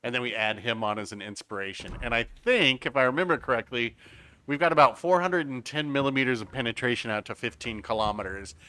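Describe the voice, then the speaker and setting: A man commentates his own live gameplay in a loose, chatty way. His voice sounds bright and forward, and his pitch sits in a mid range. He breaks off often to read out chat messages and reply to them. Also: quick pace, clear, resonant tone. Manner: chatty, reads out chat, explains game mechanics. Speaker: game streamer. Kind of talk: casual live-stream commentary.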